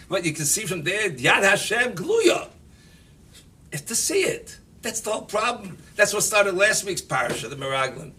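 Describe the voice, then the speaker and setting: Rabbi preaching, voice swoops all over, bright and a bit high, recorded from a distance w faint rumble. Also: male voice. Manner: animated, emphatic, mixing Yiddish and Hebrew terms. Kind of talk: Torah talk on the weekly portion.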